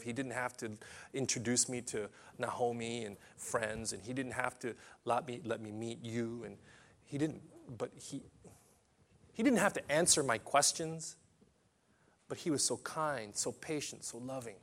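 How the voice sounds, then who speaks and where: A man delivering an impassioned sermon at a mid-range pitch. He swings between hushed, intimate passages and loud, rising emphasis, often repeating and restarting phrases as he presses his point. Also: a little slow. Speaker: preacher.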